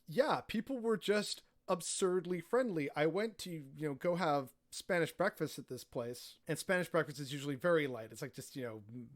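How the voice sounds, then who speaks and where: A man telling travel stories as a podcast guest, rambling casually and filling his talk with "like" and "you know". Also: on the high side. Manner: rambling, heavy on filler words like "like" and "you know".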